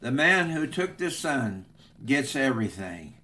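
A man's voice: medium pitch, sing-song, unhurried, sharp tone. A man voicing a persistent male auctioneer who calls out bids insistently in a retold story. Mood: solemn.

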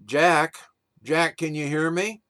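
Calm reassuring God voiced by a male preacher, soft and a bit lower, dry sound. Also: slow, dry recording. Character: calm patient God speaking to a man.

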